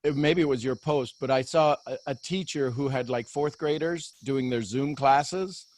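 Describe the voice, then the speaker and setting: A man's voice: medium pitch, moderate pace, a little mellow. A man hosting a coaching call, talking animatedly and acting out inner voices as he guides participants. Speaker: host and coach.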